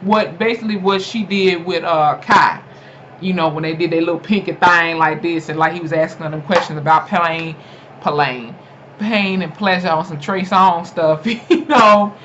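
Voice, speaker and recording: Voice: medium pitch, normal speed. Chatty laughing recap voice, lo-fi. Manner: chatty and animated, laughing often, many fillers. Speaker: TV episode reviewer. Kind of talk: casual spoken episode recap. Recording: dull lo-fi home recording with faint noise.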